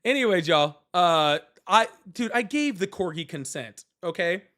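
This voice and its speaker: A young man runs a live political call-in stream in a fairly high voice. He rambles, swears freely and restarts his sentences as he talks over callers. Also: expressive, a little slow, fairly bright tone. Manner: loose and profane, many fillers and restarts. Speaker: livestream host. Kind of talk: casual livestream debate with callers.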